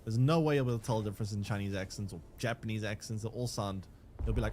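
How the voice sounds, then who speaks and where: A man's voice: fairly low pitch, rapid-fire, darkish tone, slight background noise. A young man, chatting casually with his live chat while playing a game, rambling with restarts and fillers. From South Africa. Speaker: streamer.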